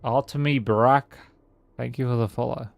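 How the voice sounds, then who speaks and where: A man's voice: mid-range voice, fairly even intonation, moderate pace, vocal fry, no room sound, faint music behind. A man streaming a game, chatting casually and reading game lines aloud. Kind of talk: casual gameplay commentary.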